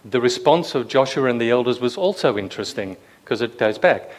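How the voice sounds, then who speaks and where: A man's voice: mid-range voice, animated, a little fast. A man preaching a sermon to a room, talking conversationally, asking the listeners questions and acting out quoted lines with a raised voice. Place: room with a live audience.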